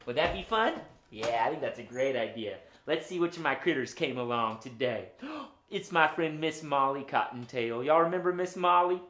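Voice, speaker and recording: A man hosting a children's puppet show, talking to the kids at home in an animated, sing-song way. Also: medium pitch, moderate pace, few pauses. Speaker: children's entertainer host. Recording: roomy room echo.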